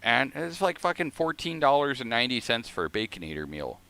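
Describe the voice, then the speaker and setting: A man's voice: medium pitch, big pitch swings, fairly quick, sharp tone, clear, resonant tone. A man streaming a flight simulator, telling a rambling, profane story in casual chat.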